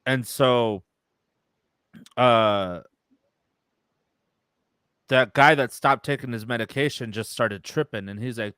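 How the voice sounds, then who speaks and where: Young male podcast co-host, smooth clean voice, dry close sound, casual profane storyteller. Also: mid-range voice, unhurried, long pauses, fairly bright tone, dry recording. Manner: retells a story with quoted voices, loose and profane.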